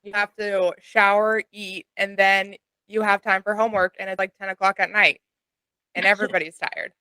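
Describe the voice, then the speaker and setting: A woman's voice: mid-range voice, level tone, normal speed, sharp tone, clear, resonant tone, no room sound. A young woman co-hosting a podcast in casual chat, leading topics and laughing along. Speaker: podcast co-host.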